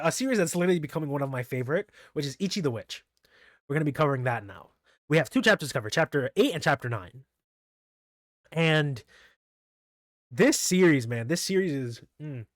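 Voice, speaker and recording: A man's voice: mid-range voice, fairly bright tone, no echo. Rambling man recapping manga, dry close sound. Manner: rambling, full of fillers and restarts. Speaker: manga review channel host. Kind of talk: casual chapter recap.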